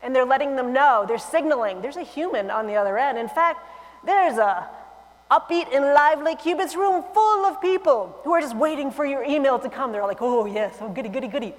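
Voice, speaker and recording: A woman giving a conference keynote on stage, lively and humorous, with animated asides. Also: sits high, brisk. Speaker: keynote speaker. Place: large conference hall, on stage. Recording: long hall reverb.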